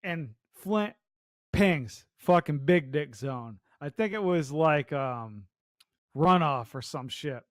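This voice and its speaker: A young man with a high voice tells a casual gaming story on a podcast, his pitch jumping around a lot. He swears freely and fills his talk with "like." The recording is dry and close. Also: animated, slow pace, no room sound. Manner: laughing, swearing storyteller with filler words. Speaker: podcast co-host.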